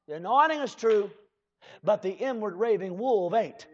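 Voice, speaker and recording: A preacher man delivers a fiery sermon in a very high, lively, husky voice. He swings between shouted bursts and slow drawled asides, calling out to the congregation. The recording sounds dull and lo-fi.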